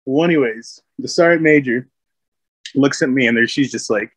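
A man telling stories from his military days in a loose, casual way, rambling and packing his talk with fillers. His voice sits at a middling pitch and is recorded close and dry. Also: moderate pace, slightly rough, no room sound. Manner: rambling, full of fillers, laughs often. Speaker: Marine veteran guest. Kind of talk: casual storytelling.

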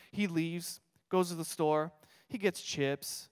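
High-voiced energetic young preacher. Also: male voice, normal speed, smooth. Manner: energetic, humorous, repeats key phrases. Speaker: pastor. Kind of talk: sermon with storytelling. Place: church sanctuary. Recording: reverberant church hall.

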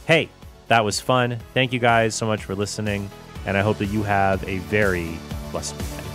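A man's voice: lowish voice, fairly even intonation, moderate pace, music in the background. A man hosting a podcast, telling science stories in a chatty way and correcting himself as he goes. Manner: chatty, self-correcting storyteller. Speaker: podcast host. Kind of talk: casual solo podcast talk.

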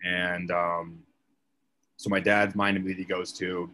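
A man's voice: low voice, level tone, measured pace, pushed and bright, slight background noise. A young man, a podcast guest, telling a story in casual chat, leaning on "like" as a filler. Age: young adult. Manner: chatty, filler-heavy, leans on "like".

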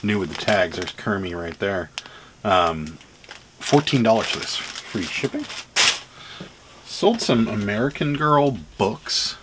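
A man's voice: fairly low pitch, animated, takes it slowly, long pauses, noisy background. A man with a Pittsburgh accent chatting casually on his vlog about items he has sold, rambling with lots of ums and laughing now and then. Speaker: reseller vlogger.

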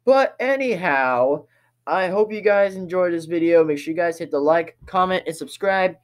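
High, lively young gamer guy. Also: normal speed. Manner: excitable, laughing, shouting reactions. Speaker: let's play gamer. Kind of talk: gameplay commentary. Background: game music.

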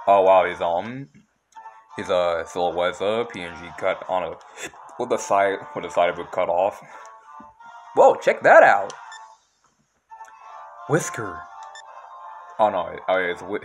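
A young man commentating casually on a handheld game as he plays, excitable and quick to exclaim. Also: sits low, faint music behind. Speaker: let's play gamer.

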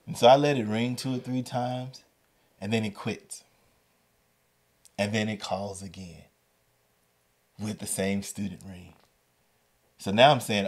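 A man hosting a storytelling podcast, telling a story with lively delivery and acting out the voices. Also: on the low side, unhurried, pauses often. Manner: animated, acts out the voices in his story. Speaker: podcast host and educator.

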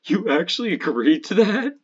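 A man's voice: high-pitched, big pitch swings, moderate pace, breathy edge, highs cut off. A man chatting casually with a friend while gaming, telling crude joking stories. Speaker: gamer playing with a friend.

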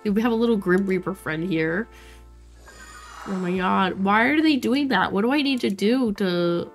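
A young woman streaming a life-sim game, chatting to her viewers in an excitable way with frequent exclamations and laughs. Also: mid-range voice, moderate pace, faint music behind. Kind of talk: casual let's play commentary.

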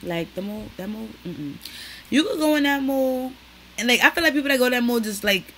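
A woman's voice: fairly high pitch, lively intonation, a little fast, a bit bright, slight background noise, low-quality recording. A young woman, chatting casually to her viewers and peppering her talk with "like" and "y'all". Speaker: vlogger. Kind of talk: casual chat to camera.

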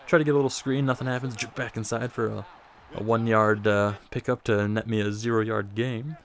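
A man's voice: fairly low pitch, steady tone, brisk. A man casually commenting over his football video game, rambling and self-deprecating, a bit out of breath. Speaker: gaming commentator.

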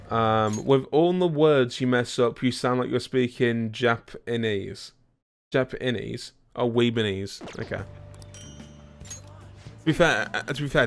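A man's voice: mid-range voice, fairly bright tone. A man streaming a video game, rambling and joking with his chat, with a British accent. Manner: rambling, self-mocking, talks to chat. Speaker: gaming streamer. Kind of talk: casual let's-play commentary.

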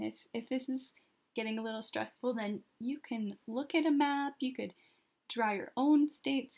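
Woman, art teacher, children's drawing lesson, slightly high voice, slow and patient, encouraging. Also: creaky.

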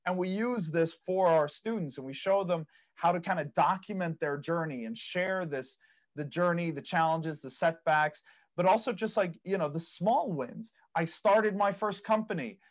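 A man with a high voice and a moderate pace guests on a podcast in a casual interview chat. He tells property-investing stories, acting out other people's quoted reactions and laughing at his own tales.

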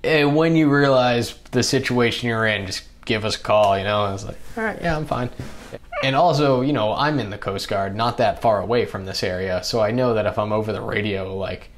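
A young man telling a story on a podcast with a fairly low voice. He is animated, laughs often and jumps up in pitch to act out other people's lines. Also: fairly quick, few pauses, a little hiss or hum. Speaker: podcast guest. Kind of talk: casual storytelling.

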